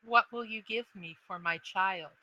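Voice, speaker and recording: A woman's voice: medium pitch, normal speed, pushed and bright, lo-fi sound, slight background noise, natural voice. A woman voicing a stern, protective female mother dragon who speaks in a grave, formal, demanding way.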